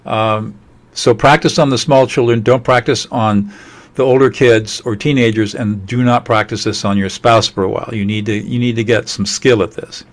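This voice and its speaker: A man giving a webinar presentation as an emotional intelligence trainer, earnest and measured, his voice softening as he lists emotions. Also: medium pitch, steady tone.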